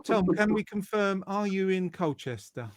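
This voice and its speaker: A man hosting a casual live stream, chatty and joking with quick asides. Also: sits high, animated. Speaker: host. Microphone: close mic.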